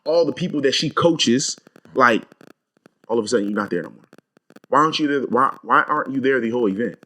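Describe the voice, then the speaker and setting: Young male podcast co-host, rapid-fire, profane, emphatic storyteller. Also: medium pitch, expressive, bright, forceful tone. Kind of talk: casual chat.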